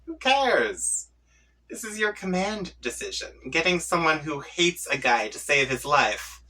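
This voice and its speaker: A woman's voice: sits low, big pitch swings, measured pace, sharp tone, distant mic, pitched above the performer's own voice, heavily acted. A man reading a comic aloud, voicing a haughty, scheming young female troll who talks with smug taunts. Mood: taunting.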